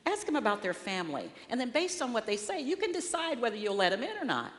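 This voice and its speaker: A woman voicing an old male saint at the gates, bossy and hurried, giving brisk, offhand instructions in a long-echoing hall. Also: fairly high pitch, big pitch swings, voice pushed up.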